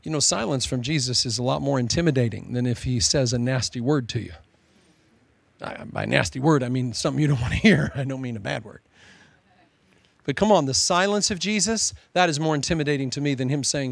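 A man preaching a sermon, switching between animated storytelling and joking asides, calling listeners "loved one.". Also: medium pitch, a little fast, creaky, no echo.

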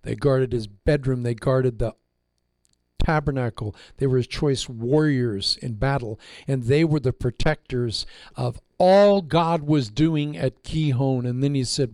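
A man's voice: medium pitch, unhurried, a little mellow, no echo. A man preaching a sermon as a pastor, telling the story with drama and playful asides.

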